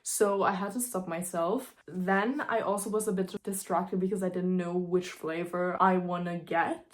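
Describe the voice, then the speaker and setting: A woman's voice: lowish voice, steady tone, moderate pace. A young woman from Germany with a German accent, talking in a chatty, rambling, informal way as a vlogger. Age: young adult. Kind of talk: casual vlog chat.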